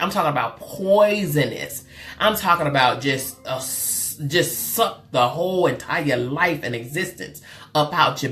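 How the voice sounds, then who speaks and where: This webcam livestream host, a therapist by trade, chats with viewers in a voice that sits a little low yet jumps up and down loudly and expressively. She's lively and talky, calling people girl and honey.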